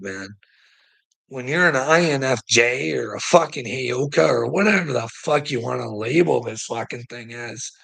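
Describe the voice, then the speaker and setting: Gravelly, husky man in a profane rant. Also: mid-range voice, fairly bright tone. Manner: profane, swears constantly; stammers and restarts. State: weary. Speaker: vlogger. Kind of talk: ranting monologue to the camera.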